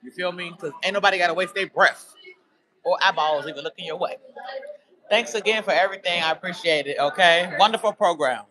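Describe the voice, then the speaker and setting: A man's voice: high voice, a little fast. Chatty man streaming amid a crowd. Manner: chatty, upbeat, addresses viewers directly. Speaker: vlogger at a graduation event. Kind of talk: casual live-stream chat. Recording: noisy crowd around the phone.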